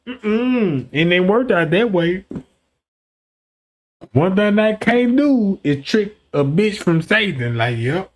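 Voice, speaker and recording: A man livestreaming, telling a profane, rambling story to his chat, dropping to low mutters and then shouting. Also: sing-song, unhurried. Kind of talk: casual storytelling to a live chat.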